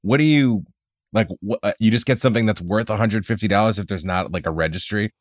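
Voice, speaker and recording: Young male co-host, very quick delivery, low voice, dry mic, joking interjections. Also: dry recording. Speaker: podcast co-host. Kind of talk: casual podcast chat.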